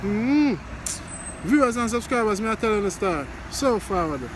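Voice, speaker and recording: A man's voice: high-pitched, expressive, normal speed, heavy background noise. A Jamaican man talking to his viewers in a rambling, casual commentary with lots of repeated greetings. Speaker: vlogger commenting on news.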